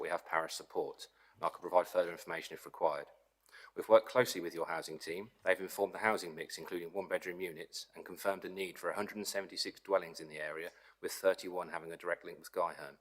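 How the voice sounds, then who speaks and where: A man acting as planning agent, reading a prepared statement to a council committee in a brisk, formal, persuasive way. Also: deep voice, fairly bright tone. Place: council meeting chamber. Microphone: desk microphone.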